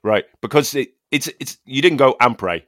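A man's voice: mid-range voice, moderate pace, no echo. A man from Ireland, hosting a comedy interview podcast with a dry, teasing delivery. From Northern Ireland. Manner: deadpan, teasing. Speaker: podcast host.

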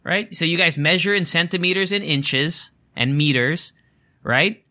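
A man's voice: on the high side, measured pace, pushed and bright. A man chatting casually to viewers at home, rambling and joking, swearing freely and smoking as he talks. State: smoking while talking. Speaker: vlogger.

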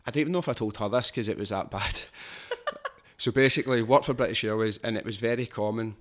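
A man's voice: lowish voice, fast, fairly bright tone. A man with a strong Glaswegian accent chatting casually on a podcast, swearing freely and rambling through anecdotes. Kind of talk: casual chat.

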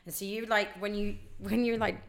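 A woman, a radio DJ, telling stories fast in casual chat and acting out the people she quotes. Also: medium pitch, vocal fry. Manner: fast, animated storytelling with acted-out quotes. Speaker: radio DJ guest.

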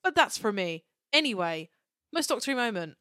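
A young woman with a smooth, clear voice co-hosts a casual podcast chat. She talks playfully and quickly, recorded dry and close. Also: fairly high pitch, big pitch swings, sharp tone, no room sound. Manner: playful, quick, laughs often. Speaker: podcast co-host.

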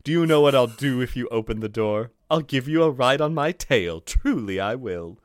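A man's voice: mid-range voice, lively intonation, dry recording, studio quality, lightly acted. A man doing a sly coaxing fox. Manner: slow, wheedling.

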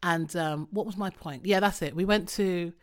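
A woman's voice: fairly low pitch, moderate pace. Chatty British woman podcast host. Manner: chatty, storytelling, swears freely. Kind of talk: casual chat. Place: studio.

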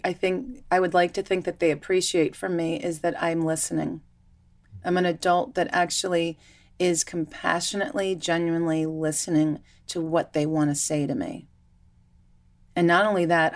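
A woman who teaches yoga to children, telling stories in a lively, chatty way during a relaxed conversation. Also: lowish voice. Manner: animated, chatty storytelling. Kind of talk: casual conversation.

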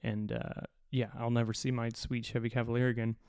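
A man hosting a podcast, telling a long personal story in a profane, animated, self-mocking way. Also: mid-range voice, fairly quick, smooth, no echo, clean studio sound. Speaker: podcast host. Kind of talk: casual storytelling.

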